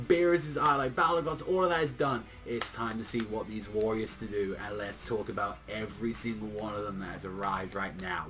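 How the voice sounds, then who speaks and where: Excitable slangy young man reviewing anime. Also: lowish voice, brisk, hardly any pauses, over music. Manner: excitable, slangy, swears often, heavy use of "like". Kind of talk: casual video review.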